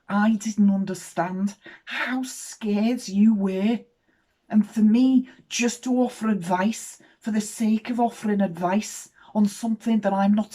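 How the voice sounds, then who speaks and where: A woman's voice: mid-range voice, warm tone, pitched above the performer's own voice. A woman doing a contrite young woman of twenty-one. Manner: pleading, apologetic.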